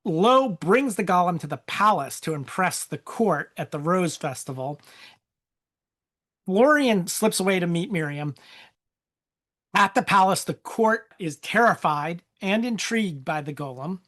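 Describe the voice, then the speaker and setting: A co-host walks through the plot of an old film, chapter by chapter, in an easy conversational tone. The delivery is plain and relaxed, with light laughter now and then and a mid-range pitch. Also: measured pace. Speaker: podcast co-host. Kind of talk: casual film discussion, recapping plot.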